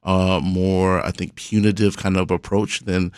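A man who is a public defender, a studio guest explaining the legal system in a measured way. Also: sits low, little pitch movement, darkish tone, smooth, no room sound. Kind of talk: radio interview.

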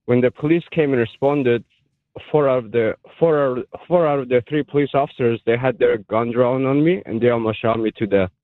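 A man calling in to a radio show, emotional and halting, with many fillers and restarts. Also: mid-range voice, no room sound. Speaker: caller. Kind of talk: call-in radio caller telling a personal story. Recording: tinny phone line.

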